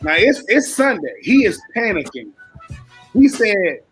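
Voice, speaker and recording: A man's voice: high voice, sing-song, unhurried, music in the background. A man co-hosting a sports radio show, animatedly telling stories about his kids in casual chat. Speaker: radio co-host.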